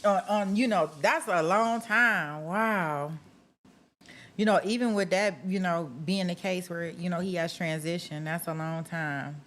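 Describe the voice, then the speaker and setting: A woman's voice: on the low side, a little slow, a bit bright. A middle-aged woman hosting a livestream, chatting casually with her viewers, reading out and answering their comments by name and often breaking into laughter. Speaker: livestream host. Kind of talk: casual chat with live viewers.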